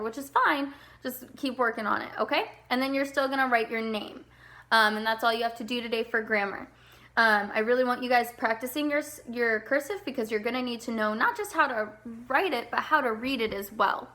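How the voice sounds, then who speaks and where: Young woman teacher talking kids through a lesson, clear bright voice, kinda high, patient, keeps asking okay?. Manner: patient, explains step by step, often checks in with "okay?". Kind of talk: recorded remote lesson for children.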